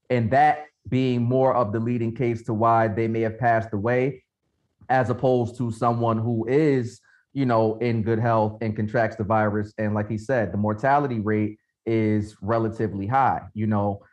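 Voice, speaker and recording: A man co-hosting a podcast, explaining his view in a measured way and pushing back on the others during a casual debate. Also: medium pitch, darkish tone. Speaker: podcast co-host.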